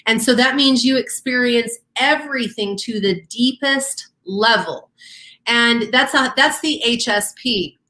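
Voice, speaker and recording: A woman's voice: a little high, measured pace, pushed and bright. Earnest woman co-host explaining steps. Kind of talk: casual teaching chat.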